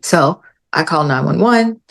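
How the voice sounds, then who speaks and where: A woman guest on a podcast, telling a story in casual chat and acting out the quotes with lively jumps in her voice. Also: low voice, a little slow, gravelly. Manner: animated retelling with acted-out quotes.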